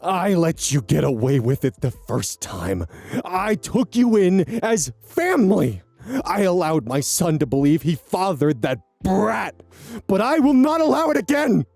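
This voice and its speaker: A man voicing a hateful elderly mother-in-law in a story reading, with a shrill, wailing, screeching delivery. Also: very animated, measured pace, vocal fry, a little mellow, dry recording, faint music behind, full character voice. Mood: vindictive.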